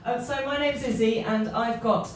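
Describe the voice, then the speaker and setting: A woman's voice: fairly high pitch, steady tone, normal speed. A young English woman with a posh southern English accent doing a stand-up comedy set in a club, with a wry, self-deprecating delivery and dry asides. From England. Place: comedy club in front of a live audience. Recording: distant, echoey club recording with loud audience noise. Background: audience laughter.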